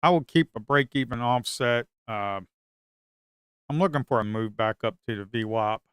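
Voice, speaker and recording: Male trader streaming live, mutters, repeats himself, curses; smooth, close, dry sound. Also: medium pitch, moderate pace, dry recording. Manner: talks to himself and viewers, repeats phrases, swears. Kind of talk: live trading commentary.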